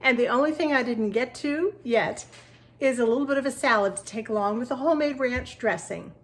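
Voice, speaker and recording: A woman's voice: fairly high pitch, a little fast, rough recording. Chatty woman cooking at home. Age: 60s. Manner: chatty, addresses viewers directly with gentle cautions. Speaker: cooking show host. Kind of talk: casual cooking demonstration. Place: home kitchen.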